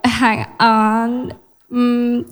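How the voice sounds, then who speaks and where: A woman explaining natural English phrasing slowly and deliberately at a live event in a hall. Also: a little high, flat delivery, smooth, faint music behind. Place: hall with audience. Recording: reverberant hall.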